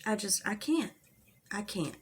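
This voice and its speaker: An angry woman venting in a casual commentary vlog, blunt and full of swearing. Her voice sits at a middle pitch and her delivery is frustrated. There is faint noise in the background. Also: expressive, measured pace. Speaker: drama commentary YouTuber.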